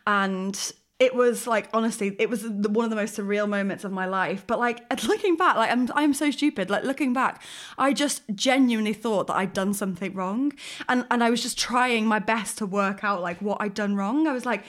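A woman co-hosting a podcast, telling a story in a rambling, animated way full of fillers. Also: mid-range voice, moderate pace. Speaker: podcast co-host. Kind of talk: casual chat, storytelling.

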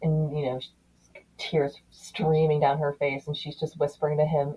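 Low, mellow-voiced woman hosting a chat. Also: moderate pace, poor audio. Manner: animated, thoughtful, occasional laughs. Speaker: podcast host. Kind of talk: casual chat.

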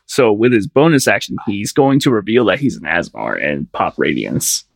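A man's voice: fairly low pitch, wildly swooping pitch, moderate pace, gravelly, distant mic, soft background music. A man as game master running a tabletop combat session, talking loosely with lots of fillers.

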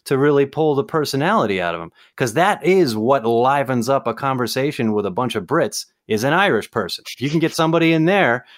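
A man's voice: mid-range voice, lively intonation, fairly quick, hardly any pauses. Wry joking man on a podcast. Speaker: podcast co-host. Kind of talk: casual chat.

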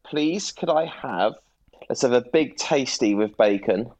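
A man's voice: mid-range voice, animated, a little slow, a little mellow. Laid-back North London man chatting. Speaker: guest. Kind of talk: casual chat.

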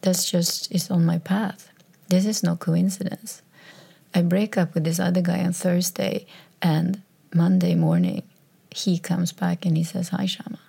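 A woman with a fairly low, husky voice and some vocal fry speaks a little slowly with lively intonation. Recording solo on a microphone as a podcaster, she tells a personal story hesitantly, restarting and trailing off, and often drops into soft whispers when quoting texts.

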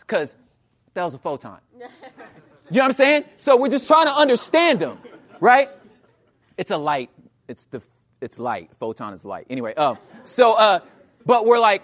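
A man with a Los Angeles accent doing stand-up, telling a story to the crowd and acting out the voices. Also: sits high. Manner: animated, talks to the crowd, acts out voices. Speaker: stand-up comedian.

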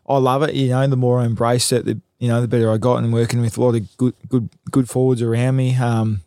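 A laid-back Australian man in his late twenties answers questions modestly and pauses often with ums. His voice sits at a middling pitch. The recording is close and dry. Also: darkish tone, dry recording. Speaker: professional footballer, guest. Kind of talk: casual chat, interview answers.

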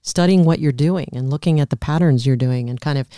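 A man interviewing an author, talking casually and quickly, often repeating words as he gathers his thoughts. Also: on the high side, mellow, clear, resonant tone, dry recording, clean studio sound. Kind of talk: casual chat.

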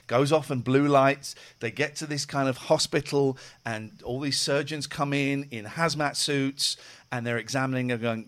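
A man's voice: medium pitch, brisk. A man hosting a radio show, chatting casually and telling stories with acted-out quotes. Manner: lively storytelling, acting out quotes.

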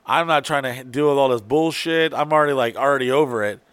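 A man's voice: medium pitch, fast, fairly bright tone, clean tone, no room sound. Profane storytelling man, dry sound. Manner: profane, rambling, acts out his own lines. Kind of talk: casual storytelling chat.

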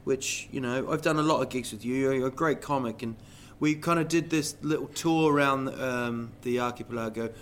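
A man hosting a relaxed interview who rambles through stories, laughs at himself and keeps things loose. His voice sits at an average pitch. A faint hiss sits under the recording. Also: moderate pace, few pauses. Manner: rambling, laughing, self-deprecating. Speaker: podcast host. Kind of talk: casual interview chat.

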